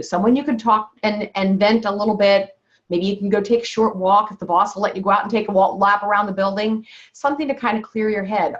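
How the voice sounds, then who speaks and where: A woman health coach on a group call, encouraging and walking listeners through breathing steps, often checking in with "okay?". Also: medium pitch. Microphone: call-in phone or computer mic. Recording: slightly dull, lo-fi call audio.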